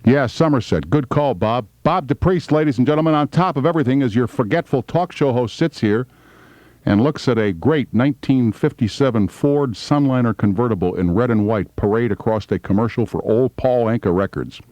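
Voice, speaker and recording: A man's voice: mid-range voice, a little fast, darkish tone, no room sound. A man in his fifties, a talk radio host making casual, wry off-air remarks at a studio microphone. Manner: wry, conversational, gruff asides.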